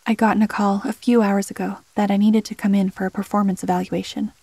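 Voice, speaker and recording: A woman voicing a hot-headed young male rookie mercenary who is quick to protest. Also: medium pitch, level tone, gravelly, warm tone, breathy edge, dry recording. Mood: defensive.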